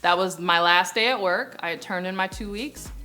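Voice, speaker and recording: Bright-voiced young woman telling her story. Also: fairly low pitch, moderate pace, soft background music. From United States. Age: young adult. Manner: animated storyteller, acts out quoted voices. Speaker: YouTube business coach. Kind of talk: storytelling vlog.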